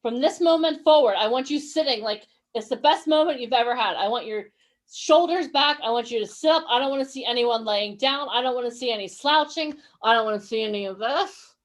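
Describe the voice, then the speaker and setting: A woman's voice: a little high, brisk. A woman coaching actors and models in a motivational online workshop. She talks energetically, encourages her listeners and keeps asking them questions.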